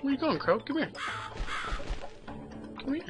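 A man's voice: very high voice, big pitch swings, measured pace, highs cut off, faint music behind. A young man joking and swearing through rambling commentary while playing a video game. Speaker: let's play gamer. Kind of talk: profane sarcastic game commentary.

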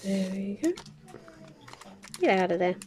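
Brief: chatty woman host, mid-pitched voice, casual craft-table chat, mutters numbers as she works. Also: lively intonation, measured pace, a little mellow, a little hiss or hum. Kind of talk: casual chat while kitting up a diamond painting.

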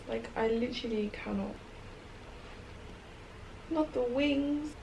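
A young woman chatting casually in a home vlog about a book she loves, gushing and excited, and sometimes dropping to a soft whisper. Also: high voice, takes it slowly, gravelly, pauses often, a little hiss or hum, poor audio. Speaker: book vlogger.

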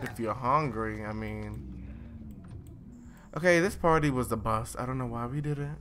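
A young man hosting a let's play, giving casual and excitable commentary as he bosses his game characters around with mild swearing. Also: mid-range voice, moderate pace, a little hiss or hum. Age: young adult.

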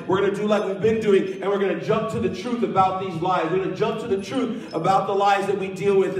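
A man's voice: high-pitched, steady tone, fast talker, hardly any pauses. A man preaching a sermon as pastor, earnest and repeating phrases with frequent restarts. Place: church sanctuary. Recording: echoey church hall, mic at a distance.

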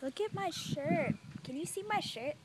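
A young woman chatting playfully with a friend outdoors, narrating what happens and telling an animated story. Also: high-pitched, moderate pace, heavy background noise. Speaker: friend filming a home video. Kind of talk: casual chat between friends. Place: outdoors on a tree swing.

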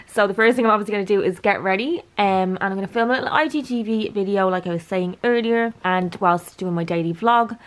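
A young woman, chatting casually to camera in a home vlog, rambling a little as she goes. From Ireland. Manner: chatty, rambling, talks to her dog in a high cooing voice. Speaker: vlogger. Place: at home indoors.

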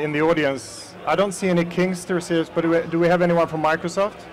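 A man's voice: on the high side, low-quality recording. A man from Sweden with a Swedish accent, giving a chatty conference presentation and talking straight to the audience with plenty of fillers. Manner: chatty, addresses the audience directly with frequent fillers. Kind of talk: casual conference talk. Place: conference hall.

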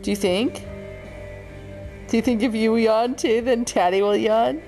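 A young mother talking softly to her sick son, coaxing him with gentle, sing-song questions. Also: a little high, steady tone, a little slow, faint music behind. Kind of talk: tender talk to a sick child.

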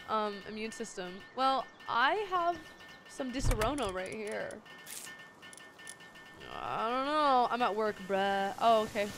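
A woman streamer chatting casually and profanely while gaming, with a sore throat, excitable and squealing over cute things. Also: on the high side.

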